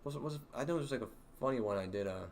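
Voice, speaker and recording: A young man hosting a livestream, telling stories about work in a rambling, halting way with many fillers and laughs. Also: mid-range voice, a little mellow. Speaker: livestream host. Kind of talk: casual storytelling to a livestream chat.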